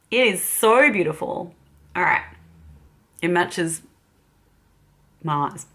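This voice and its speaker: A woman's voice: fairly low pitch, sing-song, a little slow, long pauses, a bit bright. An Australian woman chatting casually as a beauty vlogger while doing her makeup, giggling often. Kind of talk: casual get-ready-with-me chat.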